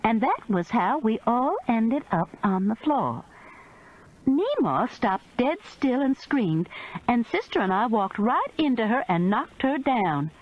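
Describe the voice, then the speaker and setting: A woman narrating a first-person mystery audiobook in an expressive, measured storytelling manner. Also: a little high, highs cut off.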